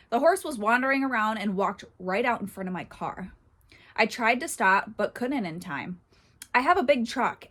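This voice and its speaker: A woman's voice: mid-range voice, fairly bright tone. A woman hosting a horse channel, reading online posts aloud and commenting in a chatty way, often breaking into laughter.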